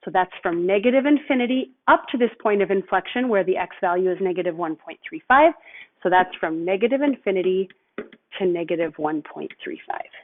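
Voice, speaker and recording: A woman's voice: on the low side, lively intonation, brisk. A woman teacher walking through a math lesson step by step, patient and thinking aloud. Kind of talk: recorded lesson walkthrough. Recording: tinny phone-like audio.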